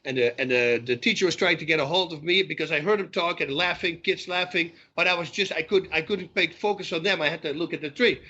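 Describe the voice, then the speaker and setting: Bright-voiced middle-aged man telling stories. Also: a little high, fast talker, hardly any pauses, slightly rough, muffled recording. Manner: animated storyteller who acts out dialogue. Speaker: podcast guest. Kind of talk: storytelling interview talk.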